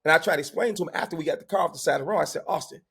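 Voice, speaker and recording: A man in his fifties telling a family story in casual talk, animated and loud when he quotes himself. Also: on the high side, rapid-fire, gravelly, breathy edge. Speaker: podcast guest.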